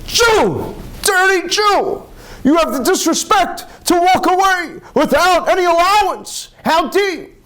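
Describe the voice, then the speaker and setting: A man voicing furious male court officials who yell in outrage. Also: extremely high pitch, lively intonation, a little slow, pitched above the performer's own voice, full character voice, low-quality recording. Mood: outraged. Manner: yelling, outraged.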